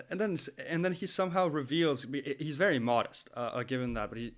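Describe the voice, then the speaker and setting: A young man telling a story in a casual podcast chat, animated and laughing often, with many restarts. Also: fairly high pitch, fairly quick. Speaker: podcast co-host.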